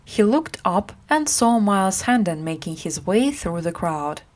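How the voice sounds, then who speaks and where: A woman reading a simplified classic story aloud for English learners, acting out the characters as she goes. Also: a little slow. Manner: acts out characters with lively pitch.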